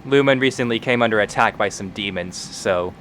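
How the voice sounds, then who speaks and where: A man's voice: on the low side, fairly quick, a bit bright, slight background noise. A man voicing a guarded farm woman.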